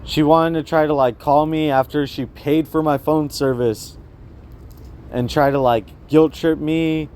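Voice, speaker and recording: A man's voice: fairly high pitch, fairly even intonation, unhurried, a little mellow. A man filming himself outdoors on a city street with a handheld phone, talking in an agitated, repetitive, rambling way and asking the viewer over and over whether they see what he sees. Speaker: vlogger. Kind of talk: rambling self-filmed monologue.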